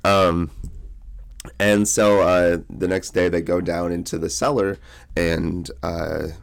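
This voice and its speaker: Young male podcast co-host, deep gravelly voice, loose rambling recap. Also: little pitch movement, slow pace. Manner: rambling, lots of fillers and likes. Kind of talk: casual book discussion.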